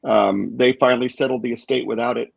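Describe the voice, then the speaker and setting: A man talking in a relaxed group chat, thoughtful and halting, with lots of fillers. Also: mid-range voice, gravelly, husky, dry recording.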